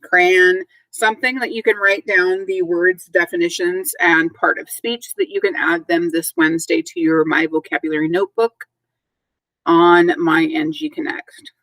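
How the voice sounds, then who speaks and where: A woman teaching a recorded vocabulary lesson to third graders, speaking clearly and spelling words out letter by letter. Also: lowish voice, normal speed, a bit bright, no echo, rough recording.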